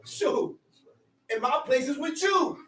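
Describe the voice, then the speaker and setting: A man teaching a Bible class as a preacher, animated and often shouting, with laughs between points. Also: extremely high pitch, slow. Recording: roomy sound from a distant mic.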